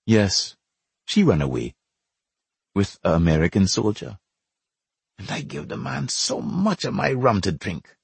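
A jealous, hot-tempered Trinidadian man from a storybook, full of scorn and sarcasm, voiced by a man. His husky voice swings up and down in pitch. The sound is close and dry. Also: very animated, a little slow, no room sound, exaggerated voice. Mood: sad. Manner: loud, scornful, sarcastic outbursts.

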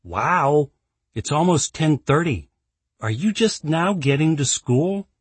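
A man's voice: a little high, animated, slow, slightly rough, no echo, voice pushed up, exaggerated voice. A man voicing a kind, upbeat teenage schoolgirl who speaks in a friendly, teasing way.

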